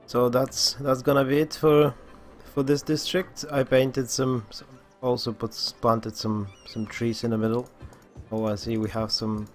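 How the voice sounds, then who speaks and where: A man with a groggy morning voice giving casual commentary as he plays a city-building game, talking at an unhurried pace and often restarting his sentences. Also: medium pitch, little pitch movement, soft background music. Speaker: gaming channel host.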